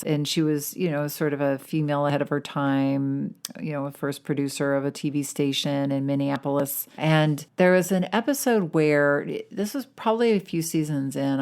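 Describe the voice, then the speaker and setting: A middle-aged woman hosting a podcast as a weight loss coach, talking in a chatty, encouraging way with animated emphasis. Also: low voice, clean tone. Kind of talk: podcast monologue.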